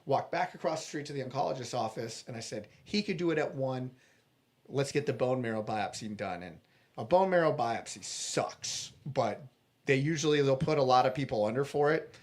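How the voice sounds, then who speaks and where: A man's voice: mid-range voice, expressive, moderate pace. A man guest in a podcast interview, earnestly telling a personal story and acting out the dialogue, with frequent restarts.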